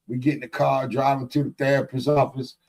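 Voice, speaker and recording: A middle-aged man co-hosting a podcast, telling stories in blunt, profane, animated casual chat. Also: medium pitch, brisk, poor audio. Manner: blunt and emphatic. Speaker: podcast co-host.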